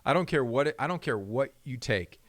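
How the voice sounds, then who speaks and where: A man who once played football, co-hosting a casual sports chat and talking in an animated way. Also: medium pitch, a little fast. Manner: animated, acts out voices of others. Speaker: co-host, former football player.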